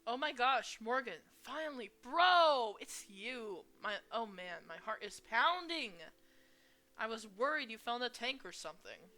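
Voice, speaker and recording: A woman doing an excitable goofy teenage boy. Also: very high voice, moderate pace, heavily acted. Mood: excited. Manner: rambling, hesitant, filler-heavy.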